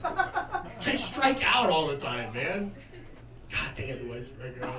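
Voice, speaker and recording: A man's voice: on the high side, wildly swooping pitch, slow, a crowd in the background. A man in his twenties doing a stand-up comedy set, jovial, crude and self-mocking. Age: 20s. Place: comedy club stage. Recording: roomy club sound from a distance with audience laughter.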